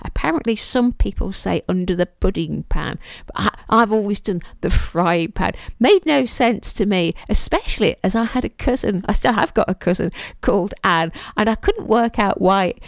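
A woman's voice: mid-range voice, lively intonation, normal speed, vocal fry, no room sound. A woman hosting a podcast, talking casually on her own, chatty and poking fun at herself as she goes. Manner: chatty and self-mocking, laughs at herself. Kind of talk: casual solo monologue.

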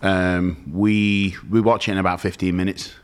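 A man's voice: sits low, level tone, moderate pace, clean tone. A man co-hosting a podcast, giving blunt, opinionated takes in casual banter. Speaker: podcast co-host. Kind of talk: casual chat.

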